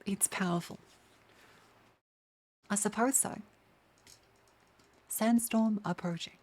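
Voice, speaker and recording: A woman's voice: medium pitch, takes it slowly, darkish tone. An Australian woman streamer chatting casually while reacting, swearing freely. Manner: swears freely, laughs easily.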